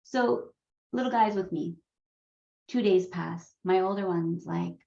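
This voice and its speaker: A woman's voice: fairly low pitch, slow pace, gravelly. A woman leading a coparenting course, telling a story about her sons and acting out their voices. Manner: animated, acts out her kids' voices with laughs. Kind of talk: storytelling to a class. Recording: roomy, dull lo-fi sound.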